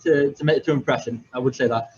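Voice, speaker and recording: A young Englishman who hosts a podcast tells his story casually, rambling and poking fun at himself, full of fillers and restarts. He talks fast in a medium pitch with fairly even intonation. The lo-fi audio sounds slightly dull, with faint background noise.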